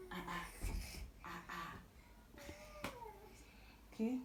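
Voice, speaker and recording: A woman's voice: on the high side, big pitch swings, a little slow, long pauses, a little hiss or hum. A young Nigerian woman at home, teasing and doting on her small children in casual family chat, in a Nigerian English accent. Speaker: mother and family vlogger.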